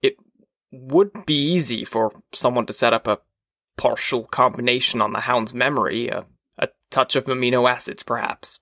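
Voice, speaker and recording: A man voicing an uneasy, brooding fireman in an audiobook reading, hesitant and quiet. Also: medium pitch, moderate pace, dry recording, studio quality.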